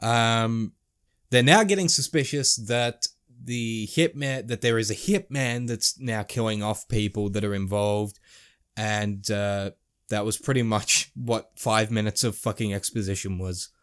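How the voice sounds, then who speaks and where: A man's voice: on the low side, measured pace, fairly bright tone, smooth. A man commentating his playthrough of a game, joking, swearing and doing silly voices. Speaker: gaming channel host. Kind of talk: let's play commentary.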